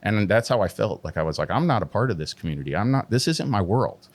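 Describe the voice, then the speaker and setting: A middle-aged man, a tattoo artist guest, telling his story candidly and animatedly, full of swearing and "like" fillers. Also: quick pace. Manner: heavy swearing, constant "like" fillers; animated, pitch jumps when emphatic.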